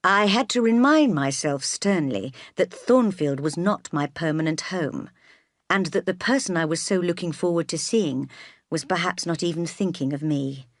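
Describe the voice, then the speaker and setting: A woman narrates a novel in a calm, even storytelling manner. Her voice sits on the low side, and the recording is dry and close. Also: normal speed, dry recording. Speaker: audiobook reader. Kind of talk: scripted narration.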